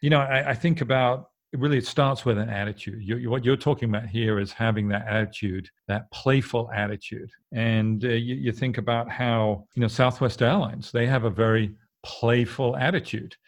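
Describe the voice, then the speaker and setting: A man's voice: medium pitch, steady tone, moderate pace, hardly any pauses, no room sound. Earnest man co-hosting a podcast. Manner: earnest, repeats words as he explains. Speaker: podcast co-host. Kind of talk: casual podcast chat.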